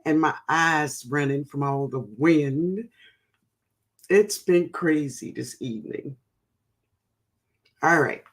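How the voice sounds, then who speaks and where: A woman's voice: low-pitched, takes it slowly, long pauses. A woman hosting a gardening livestream, chatting casually and affectionately, calling viewers baby and honey.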